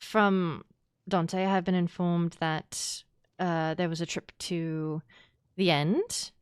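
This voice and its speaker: Slow, formal-speaking woman roleplayer. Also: on the low side, steady tone, smooth, no echo, studio quality. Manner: polite, formal wording, frequent soft laughs. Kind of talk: in-character roleplay conversation.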